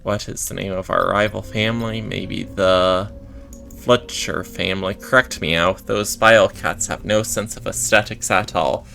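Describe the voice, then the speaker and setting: A man's voice: low voice, steady tone, unhurried, gravelly, pushed and bright, faint music behind, heavily acted. A man reading the lines of a vain male cat artist who ends his lines with meow.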